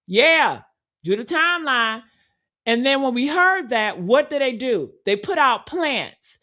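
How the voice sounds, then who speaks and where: Female true crime commentator: high, bright voice, unhurried, blunt, sarcastic, swears a lot. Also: expressive. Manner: blunt, sarcastic, swears freely, talks straight to viewers. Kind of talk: casual video commentary.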